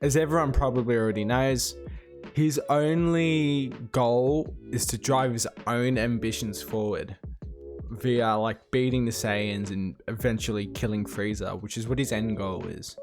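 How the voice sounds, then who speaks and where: A man casually recapping a comic chapter, excitable, reading out the characters' lines as he goes. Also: mid-range voice, measured pace, faint music behind. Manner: excitable, retells the plot while reading out the dialogue. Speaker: manga reviewer.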